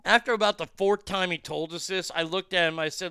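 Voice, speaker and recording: A man telling a profane, animated story in casual chat, with lots of fillers and restarts. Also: high-pitched, brisk, smooth, no room sound, clean studio sound. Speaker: comedian and podcast guest.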